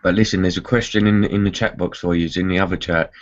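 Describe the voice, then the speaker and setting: A man in a casual voice chat, quickly and warmly signing off. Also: low voice, steady tone. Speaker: chat participant. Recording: dull lo-fi voice chat audio.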